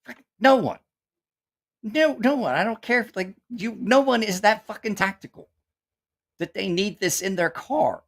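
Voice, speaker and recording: A man's voice: high-pitched, animated, unhurried, gravelly. Profane, incredulous man hosting a live stream. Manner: incredulous, profane, mocking rants with laughter. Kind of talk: casual live-stream commentary.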